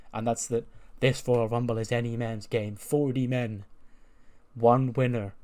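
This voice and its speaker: A man plays a hungry wrestler chasing his big moment. He is eager and quick to challenge anyone. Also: mid-range voice, darkish tone, close to an everyday voice. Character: ambitious, hungry male wrestler.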